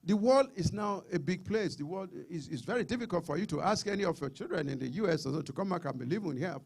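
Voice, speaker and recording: A man's voice: high-pitched, expressive, fast, creaky, darkish tone, breathy edge. A middle-aged Nigerian man with a Nigerian accent, giving an emphatic public lecture and often repeating words. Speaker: seminar speaker.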